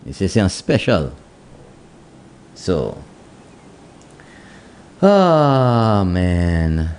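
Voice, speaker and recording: A man's voice: low voice, sing-song, moderate pace, a little mellow. A man with a Saint Lucian accent hosting a morning radio call-in show. He talks in a playful, teasing way and mixes English with Kwéyòl. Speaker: radio talk show host.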